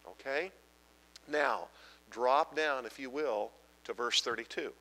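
A man's voice: medium pitch, takes it slowly, vocal fry, sharp tone. Emphatic man preaching in a reverberant hall. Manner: emphatic, asks the audience repeated questions. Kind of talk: sermon, Bible teaching.

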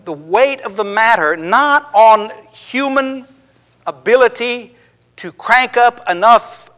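A high-pitched male preacher delivering a sermon with earnest emphasis. He circles back over his phrases, restarting them as he builds a point, then sinks into a low, quiet hush to drive it home. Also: animated, slow pace, in a large hall.

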